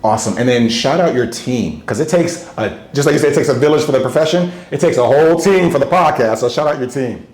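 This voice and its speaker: A man's voice: medium pitch, fast, hardly any pauses, darkish tone, echoey room. A man hosting an interview podcast, effusive and hyping up his guest in casual chat. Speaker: podcast host.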